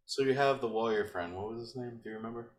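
A man's voice: medium pitch, fast, echoey room. A man casually discussing a movie on a podcast, chiming in with short remarks. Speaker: podcast co-host. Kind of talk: casual movie review chat.

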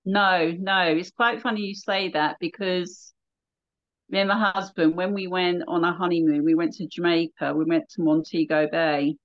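A woman's voice: lowish voice, fairly even intonation, moderate pace, highs cut off. A woman from England, a radio presenter, chatting in a casual interview and telling stories with easy laughs. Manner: laughs easily, chatty storytelling.

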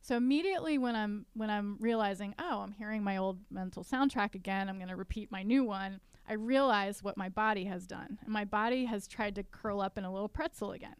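A woman's voice: medium pitch, a little fast, hardly any pauses, smooth, no echo. A woman, an author, talking through her coping steps in a casual podcast conversation, earnest and self-deprecating. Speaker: author and guest.

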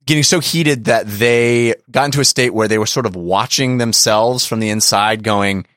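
A man's voice: on the low side, normal speed, a bit bright, dry recording, clean studio sound. A man co-hosting a podcast, talking in a playful, joking way with frequent laughter. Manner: playful, jokey, laughs often. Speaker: podcast co-host. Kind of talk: casual chat.

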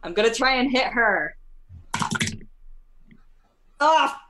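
A woman playing a character in a tabletop role-playing game, with an expressive, playful manner. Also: on the low side, normal speed, a crowd in the background. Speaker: player.

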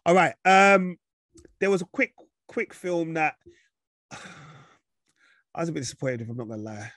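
A man's voice: on the high side, lively intonation, normal speed, a bit bright, no echo, clean studio sound. A man hosting a casual film podcast, rambling and frank about his opinions. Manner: frank, rambling, says what he thinks. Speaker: podcast host. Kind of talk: casual chat about films.

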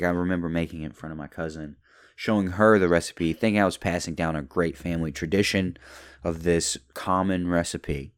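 Deep-voiced young man rambling casually. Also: no echo, clean studio sound. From Kentucky, USA. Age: young adult. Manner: rambling, tangent-hopping, lots of "like". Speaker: podcast host. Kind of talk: casual solo podcast chat.

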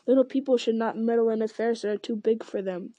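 A sly male goblin soldier, put on by a woman reading aloud, talks in a soft, hissing whisper that turns threats into silky, gloating questions. The voice sits a little high and mellow, and the recording is close and dry. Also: steady tone, quick pace, no echo, highs cut off, natural voice. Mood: silky menace. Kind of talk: audiobook character voice.

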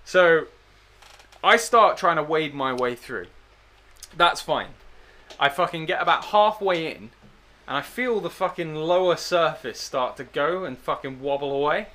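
A young man tells a story at a casual chat. His voice sits a little high and sounds bright and forceful. He swears freely, stays animated and makes fun of himself. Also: unhurried. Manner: sweary, animated, self-mocking. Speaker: podcast guest storyteller.

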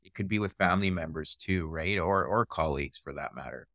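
A man hosting a podcast, talking in a calm, agreeable way with frequent affirmations. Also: low-pitched, a little fast, no echo, studio quality. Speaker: podcast host. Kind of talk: podcast conversation.

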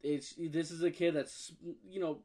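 A young man telling a story in casual chat, animated and acting out the other people's voices. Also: a little high, a little slow.

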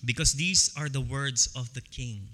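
A man preaching a sermon as pastor, slow and emphatic, repeating key phrases for stress. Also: mid-range voice, bright, forceful tone, in a large hall.

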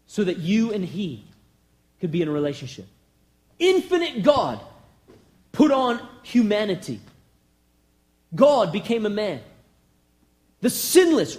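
A very high-pitched man preaches with passion, firing off rhetorical questions. His delivery swings between loud outbursts and hushed lines.

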